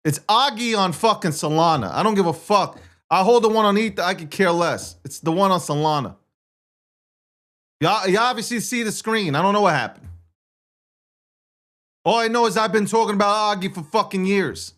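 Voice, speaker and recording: A man's voice: high voice, expressive, normal speed, long pauses, fairly bright tone. A man hosting a livestream, talking in an intense, profane and repetitive rant. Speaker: livestream host. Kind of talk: ranting livestream monologue.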